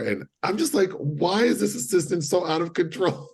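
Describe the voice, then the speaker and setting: A man co-hosting a podcast, retelling a film in casual chat and acting out the characters' lines with animated delivery. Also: high-pitched, moderate pace, gravelly, slightly rough. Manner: animated storyteller, acts out quotes. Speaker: podcast co-host.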